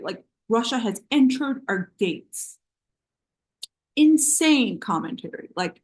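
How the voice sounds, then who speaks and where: A woman in a spirited political discussion who talks in a lively, sarcastic way. Her voice sits fairly high for a woman. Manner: animated, sarcastic, mocks others in quoted voices. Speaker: panel guest.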